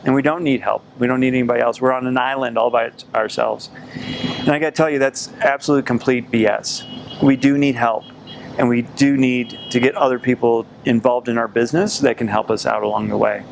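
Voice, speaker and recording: Man in his forties, gravelly voice, sales coach, earnest storyteller, faint noise behind. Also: mid-range voice, steady tone. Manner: earnest, reflective storytelling with pauses. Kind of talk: storytelling to camera.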